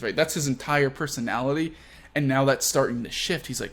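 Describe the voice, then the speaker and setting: Hosting a video discussion of a comic chapter, this man talks fairly quickly in a medium-pitched, slightly bright voice. It's a casual, chatty conversation about comics, full of asides and fillers like "you know."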